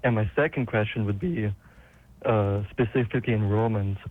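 A man's voice: lowish voice, normal speed. A man from Carlisle in Northern England, with a Northern English accent, calling in and asking a thoughtful, hesitant question. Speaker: caller. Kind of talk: phone-in question. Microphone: phone. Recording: tinny phone line.

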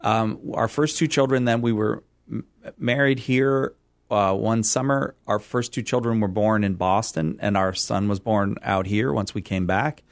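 A man's voice: lowish voice, fairly even intonation, measured pace, dry recording. A middle-aged man from California, a radio guest who talks in a rambling, self-deprecating way and laughs easily. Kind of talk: casual interview chat.

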